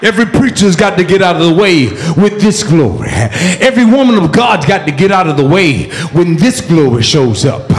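Fired-up preacher guy, real high voice, swings up and down a lot, hall echo. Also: sing-song, moderate pace, hardly any pauses. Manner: fervent, shouting, with frequent "uh" and "woo, Jesus" exclamations. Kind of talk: sermon. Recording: echoey hall.

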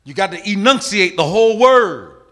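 Emphatic preaching man, bright voice. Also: high-pitched, animated, moderate pace. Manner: emphatic preaching with swings from loud to hushed. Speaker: pastor. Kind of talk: sermon.

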